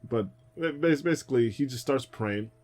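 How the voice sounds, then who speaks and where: A man's voice: medium pitch, moderate pace, darkish tone, faint music behind. A young man streaming a video game, telling a rambling story with lots of fillers and asides. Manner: rambling, chatty anecdotes with frequent laughs and fillers. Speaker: gaming streamer. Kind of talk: casual let's-play storytelling.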